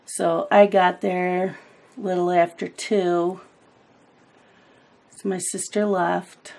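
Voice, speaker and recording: A middle-aged woman who hosts a coloring channel chats casually about her day as she colors, her lowish voice slow, gravelly, darkish in tone, and fairly flat in pitch. She rambles loosely through family stories and laughs at the anecdotes.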